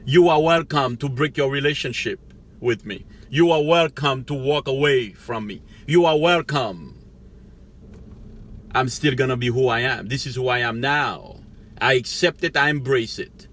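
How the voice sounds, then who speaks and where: A man's voice: medium pitch, moderate pace, fairly bright tone. A middle-aged man giving a rambling motivational monologue as a life coach, preachy, laughing to himself now and then. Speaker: life coach, channel host.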